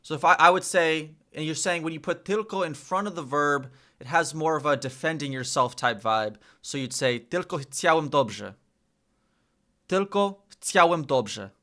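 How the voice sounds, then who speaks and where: A young man learning a language in a casual lesson, hesitant, repeating phrases slowly as he practices. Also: fairly high pitch, sharp tone.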